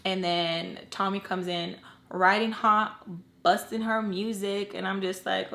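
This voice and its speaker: A woman telling a personal storytime, candid and blunt, swearing freely and dropping low and quiet at emotional moments. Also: fairly even intonation, measured pace, vocal fry. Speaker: storytime vlogger. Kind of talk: casual storytelling.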